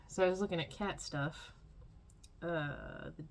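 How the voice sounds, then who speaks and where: A woman's voice: low-pitched, takes it slowly, slight background noise. A young adult woman vlogging at home, rambling and complaining in a casual diary style with lots of filler words.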